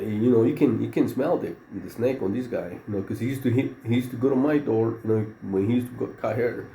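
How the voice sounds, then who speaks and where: Guy, middle-aged, dark mellow voice, rambling prison stories w lots of "you know man", faint hum behind. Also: lowish voice. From Mexico. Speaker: former prison inmate. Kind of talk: casual storytelling. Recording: roomy echo with faint background noise.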